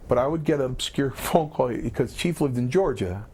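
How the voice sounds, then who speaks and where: Middle-aged male guest with a mid-range voice, anecdotal and animated, restarts his sentences. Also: medium pitch, fairly quick, few pauses, husky. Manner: animated storyteller with frequent restarts. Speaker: guest, former wrestler turned lawyer. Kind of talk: casual anecdote.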